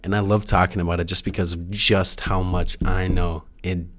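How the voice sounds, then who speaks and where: A man's voice: deep voice, flat delivery, normal speed, hardly any pauses, a bit bright. A young man talking alone in a casual, rambling monologue, full of restarts and fillers and the odd swear word. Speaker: solo podcaster. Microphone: no camera, audio only.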